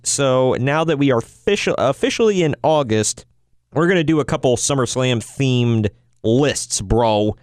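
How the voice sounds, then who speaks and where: A man's voice: mid-range voice, expressive, a little slow, no room sound, studio quality. A man co-hosting a podcast in casual chat, jokey and teasing, laughing often. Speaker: podcast co-host.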